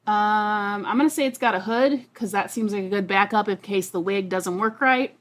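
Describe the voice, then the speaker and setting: A woman's voice: mid-range voice, moderate pace, fairly bright tone. A woman playing in a tabletop game, chatting through her character's choices. She talks casually, hesitates with likes and ums, and pokes fun at herself. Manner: casual, hesitant, self-deprecating. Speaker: player. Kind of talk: tabletop role-play chat.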